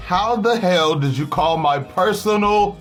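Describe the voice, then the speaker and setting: A man plays a bossy armored genius, pitched a bit higher and talking with pushy sarcasm. Faint music plays underneath. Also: unhurried, a bit bright. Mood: impatient.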